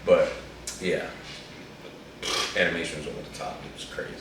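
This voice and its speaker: A man with a low voice chats in an animated, slangy ramble. He sits away from the mic in a very echoey room. A faint hum runs under him. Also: moderate pace, recorded from a distance. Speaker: co-host reviewing an anime movie. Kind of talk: casual chat.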